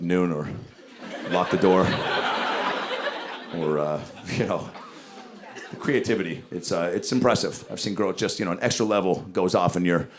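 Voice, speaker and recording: A man in his forties doing a profane, rapid-fire stand-up set, with mumbled asides and loud bursts, on a handheld mic on a club stage. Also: sits low. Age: 40s. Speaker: stand-up comedian. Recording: loud audience laughter and room ambience.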